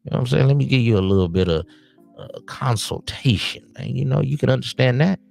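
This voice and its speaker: A man's voice: medium pitch, expressive, quick pace, vocal fry, darkish tone, soft background music. A man hosting a late-night podcast stream in a casual monologue, handing out streetwise, preachy advice to the young men he calls his nephews. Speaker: podcast host.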